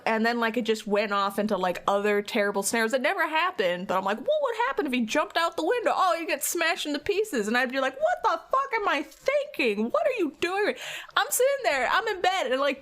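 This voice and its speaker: A woman's voice: on the high side, a bit bright. A tired young woman streamer chatting with viewers, rambling through a story and acting out her own quotes. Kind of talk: casual chat with stream viewers.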